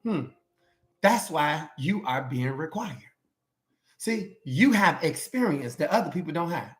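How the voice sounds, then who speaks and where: A man's voice: on the high side, big pitch swings, measured pace. A man preaching a motivational message, exhorting listeners in a colloquial call-and-response way. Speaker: life coach preacher.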